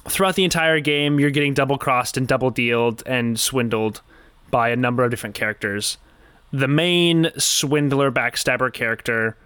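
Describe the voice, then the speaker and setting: A man's voice: mid-range voice, clean tone, no room sound, clean studio sound. A man co-hosting a podcast, joking and telling stories in casual chat about a video game. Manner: joking, animated storytelling. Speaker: podcast co-host.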